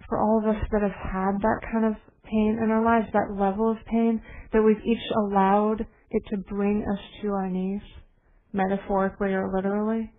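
A woman meditation teacher gives a dharma talk in a gentle, reflective storytelling manner. Her mid-pitched voice comes through a narrow, phone-like band, with faint hiss behind it. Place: meditation hall.

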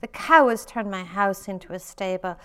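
A woman reading a story aloud, voicing a desperate poor man who pleads and laments loudly. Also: medium pitch, measured pace, clean tone, natural voice. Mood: lamenting. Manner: loud, pleading, lamenting outbursts.

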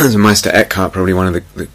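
A man giving a meditation teaching in a reflective, unhurried way, softly repeating key phrases. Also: low-pitched. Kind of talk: dharma talk. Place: retreat meditation hall.

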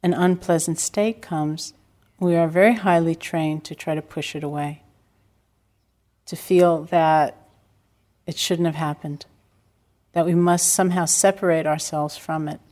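Low-voiced woman giving a calm meditation talk. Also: unhurried. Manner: calm, reflective storytelling with gentle self-deprecating humor. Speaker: meditation teacher. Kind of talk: dharma talk. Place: retreat center hall.

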